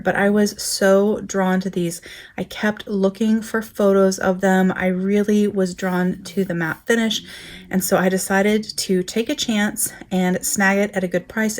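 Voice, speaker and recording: A woman vlogger chatting casually to her viewers, talkative and often doubling words for emphasis. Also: medium pitch. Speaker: planner vlogger. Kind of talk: casual chat to camera.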